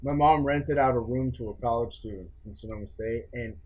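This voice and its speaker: Twenties man, podcast co-host, relaxed storyteller, husky voice. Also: mid-range voice, brisk. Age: 20s. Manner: laid-back, storytelling, swearing. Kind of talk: casual podcast chat.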